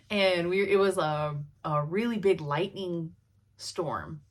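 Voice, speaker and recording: A woman's voice: fairly low pitch, expressive, slow pace. A woman in her thirties chatting casually to her viewers as a cross-stitch vlogger, laughing often as she tells stories. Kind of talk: casual chat.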